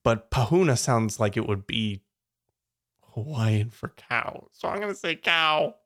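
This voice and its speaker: A man's voice: medium pitch, lively intonation, measured pace, a bit bright. A man co-hosting a casual podcast, playfully thinking aloud and laughing as he guesses. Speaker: podcast co-host. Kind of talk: casual quiz chat.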